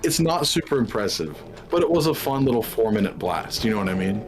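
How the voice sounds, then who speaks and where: A man's voice: fairly low pitch, very animated, a little fast, crowd noise. A man talking casually in a voice chat about maps he picked for a project, with a dry humor. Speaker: map project organizer in voice chat. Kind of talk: casual chat over voice call.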